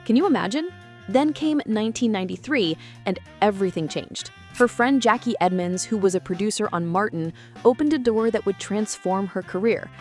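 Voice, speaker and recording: A woman's voice: mid-range voice, normal speed, a little mellow, faint music behind. A woman reading a scripted documentary narration in a dramatic, teasing way that builds suspense.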